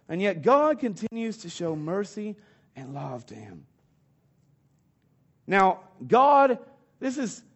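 A man preaches a sermon in a loose, conversational way, often restarting his sentences. His voice sits somewhat high for a man. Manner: conversational, halting, with restarts and fillers. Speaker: pastor.

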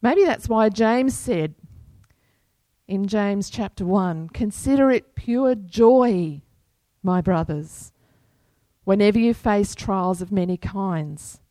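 Slow-speaking woman preaching a sermon. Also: medium pitch, mellow, no room sound. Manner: unhurried, earnest preaching with scripture quotes. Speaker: pastor.

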